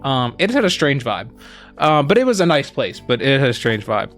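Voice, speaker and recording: Young man, co-host, casual story, rambling with fillers, middle pitch, faint music underneath. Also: moderate pace. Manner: rambling, lots of "like" and "um", animated quoting of others.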